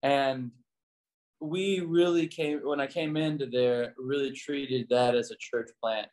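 A man's voice: medium pitch, slow pace. A man, a pastor and former missionary, telling stories casually as an interview guest and acting out the dialogue in them. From United States. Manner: animated storyteller, acts out quoted dialogue in a raised voice.

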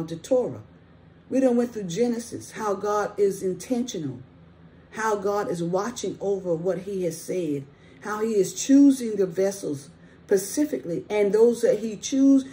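A woman's voice: medium pitch, warm tone. A middle-aged woman teaching the Bible in a casual, earnest way, often breaking in with praise and checking in with her listeners. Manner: earnest, exclaims "thank you, Jesus" often; conversational, with frequent "okay?". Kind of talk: informal Bible study teaching.

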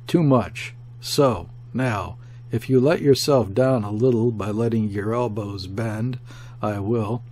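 A man's voice: on the low side, takes it slowly, warm tone. A man voicing an old gunner whose voice is cracked and shaky with emotion. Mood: coaxing, anxious.

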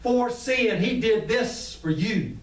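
A man's voice: very high voice, slow. A man preaching an impassioned sermon in a church, calling out to the congregation. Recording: echoey room, mic at a distance.

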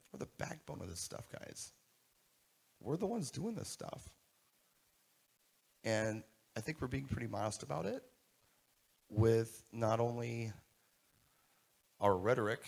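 A man's voice: fairly low pitch, gravelly, husky. A man giving a live keynote talk to a conference audience, asking the room questions as he goes. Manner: animated, asks the audience questions. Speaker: keynote speaker.

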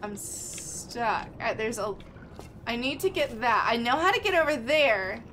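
High, bright-voiced woman streamer. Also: animated, measured pace, a little hiss or hum. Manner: chatty, thinks aloud, greets chat loudly. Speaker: game streamer. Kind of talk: live gameplay chat with viewers.

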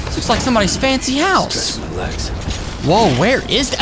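A man giving rambling, excitable let's-play commentary, talking to his viewers as he plays. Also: high voice, slow, pauses often. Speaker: gaming YouTuber. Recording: game music behind.

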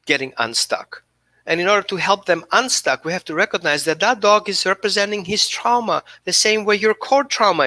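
A man's voice: fairly high pitch, pushed and bright, no room sound. A man who is a dog behaviorist, giving an earnest, coaching talk during a live Q&A and often repeating himself.

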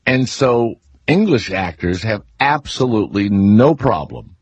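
Older male radio host in his sixties, New Orleans accent, deep husky voice, rambling talker. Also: expressive, measured pace, dry recording. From New Orleans, Louisiana. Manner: rambling storyteller, many fillers and restarts. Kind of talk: casual radio talk.

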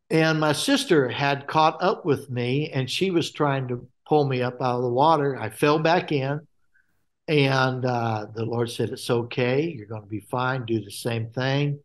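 A man from Alaska, a guest telling his faith testimony in a halting way with many fillers and restarts. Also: mid-range voice.

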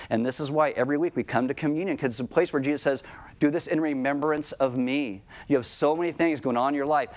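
Man preaching in a casual, conversational way. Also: mid-range voice. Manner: conversational preaching, slows down for emphasis. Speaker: pastor. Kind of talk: sermon.

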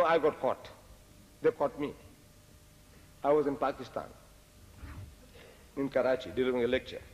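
An older man giving a religious lecture, telling lively, humorous stories and dropping Arabic phrases. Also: medium pitch. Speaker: Islamic lecturer. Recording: echoey lecture hall.

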